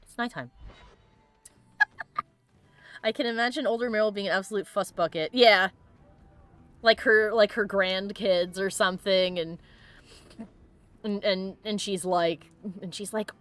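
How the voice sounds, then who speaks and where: A woman hosting a let's play, chatting and giggling excitably as she plays a video game. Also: mid-range voice, unhurried, pauses often. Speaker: host.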